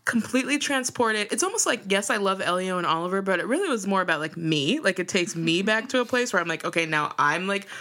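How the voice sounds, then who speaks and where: A woman's voice: medium pitch, fast, hardly any pauses. A young adult woman co-hosting a podcast, chatting casually and telling stories with lots of laughter. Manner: animated, laughs often, gushing storytelling. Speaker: podcast co-host. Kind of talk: casual chat.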